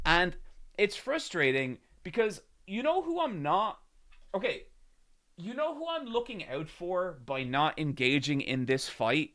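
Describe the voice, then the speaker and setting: Animated Irish man chatting on stream. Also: a little high. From Ireland. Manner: rambling storytelling, swears, gets worked up. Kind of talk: casual live-stream chat.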